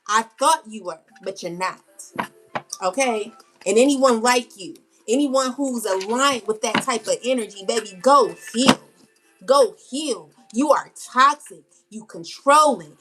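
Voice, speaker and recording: A woman with a high, bright voice gives a blunt spiritual rant to camera. Her speech is slangy and full of fillers, and she repeats herself to drive each point home. Faint music plays under her voice. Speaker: tarot reader.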